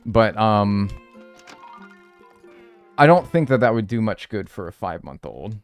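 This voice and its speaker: A man's voice: fairly low pitch, a little slow, smooth, faint music behind. A man streaming a game live, chatting with his viewers and swearing freely as he plays. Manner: animated, swears freely, banters with chat. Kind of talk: live gameplay commentary.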